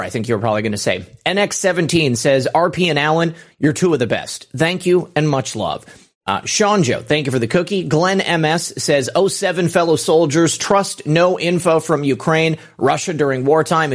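A man hosting a live stream, reading viewer thank-yous aloud in a brisk, casual way with frequent fillers. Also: on the high side. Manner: brisk, reads out names with fillers. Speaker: host.

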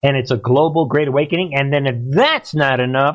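A man's voice: medium pitch, a little fast. A man hosting a political livestream, commenting in a rambling, emphatic way and talking to his chat.

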